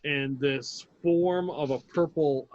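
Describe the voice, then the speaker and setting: A man's voice: on the high side, slow, darkish tone, no echo, muffled recording. Male game master, casual swearing delivery, dry close mic. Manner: casual, swears, lots of fillers. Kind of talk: narrating a tabletop game.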